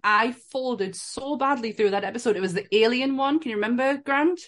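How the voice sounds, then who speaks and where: A woman's voice: a little high, brisk, fairly bright tone. A woman co-hosting a casual group chat, chatty and swearing, often laughing. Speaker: co-host.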